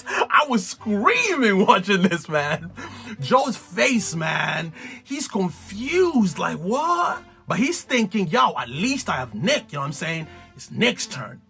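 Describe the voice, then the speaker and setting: A man giving an excited, slangy recap of a TV show, laughing and exclaiming often. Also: high voice, takes it slowly, creaky, faint music behind. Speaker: TV recap vlogger.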